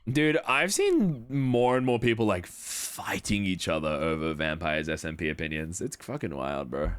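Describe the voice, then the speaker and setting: A man's voice: low-pitched, expressive, moderate pace, clean tone. A young man chatting casually on a livestream, rambling, swearing now and then, and answering chat messages. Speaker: streamer.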